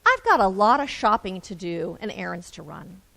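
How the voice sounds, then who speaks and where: A woman's voice: mid-range voice, very animated, normal speed, gravelly, sharp tone, in a large hall, voice pushed down, heavily acted. A woman voicing a harried busy mom. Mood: hurried. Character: busy mother asking a favor.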